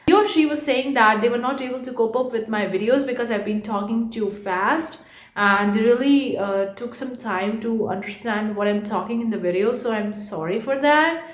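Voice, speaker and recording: Chatty young woman vlogging, roomy sound. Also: on the high side. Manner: chatty, repeats herself, fast-talking by habit. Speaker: online art entrepreneur vlogger. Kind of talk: casual vlog talk to camera.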